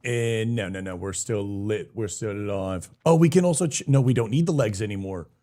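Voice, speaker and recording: A man's voice: fairly low pitch, moderate pace, mellow. A young man live-streaming a game, chatting casually, greeting viewers by name and swearing now and then in a hyped-up way.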